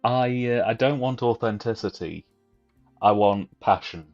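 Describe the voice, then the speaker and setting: Guy on a stream, dry jokey banter, kinda low voice, muffled lo-fi sound. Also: measured pace, a little mellow. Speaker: stream co-host. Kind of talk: casual live-stream chat. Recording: dull lo-fi stream audio with faint music.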